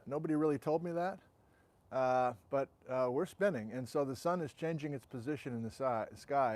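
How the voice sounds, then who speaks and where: A man's voice: mid-range voice, darkish tone. A man hosting a casual outdoor livestream, chatting and greeting viewers as he reads out where they are from, on a wireless mic. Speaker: host. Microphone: wireless transmitter and receiver.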